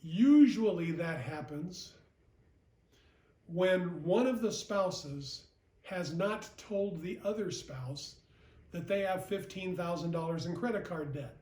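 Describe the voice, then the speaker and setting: A man's voice: high voice, lively intonation, slow pace, mellow. A man, a regional vice president, giving a recorded sales training talk in a plain, repetitive way that often checks in with "okay?". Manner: plain-spoken, repeats points, often asks "okay?". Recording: echoey room, mic at a distance.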